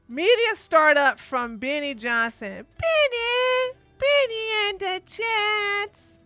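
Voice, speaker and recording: A woman hosting a casual livestream, chatting animatedly and breaking into loud outbursts. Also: fairly high pitch. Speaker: livestream commentary host.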